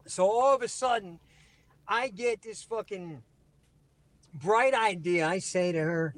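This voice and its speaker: A man with a high-pitched voice spins profane, animated stories in casual chat. He is a former radio DJ hosting the talk, speaking from inside his car. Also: normal speed, no room sound. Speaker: podcast host, former radio DJ.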